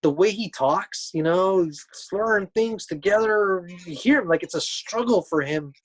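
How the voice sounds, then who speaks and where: A young man co-hosting a podcast in casual chat, easygoing and quick to laugh, explaining his points at length. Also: high-pitched, low-quality recording. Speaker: podcast co-host.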